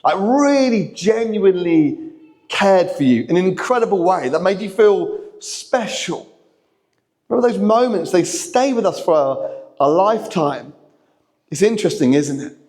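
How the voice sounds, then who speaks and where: A man, preaching a lively, chatty sermon that draws in the kids in a church hall. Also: high-pitched, normal speed. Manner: lively, chatty, talks to the kids, acts out lines. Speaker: pastor.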